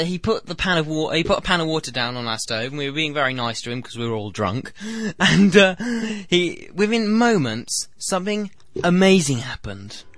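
A man's voice: bright, forceful tone, no echo. A man hosting a comedy radio show, rambling through a mocking story and slipping into silly voices. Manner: mocking, breaks into silly high put-on voices.

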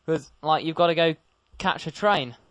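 A man's voice: fairly high pitch, normal speed, a bit bright, dry recording, highs cut off. Playful young male podcast host. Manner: playful, breezy sign-off. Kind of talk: casual podcast chat.

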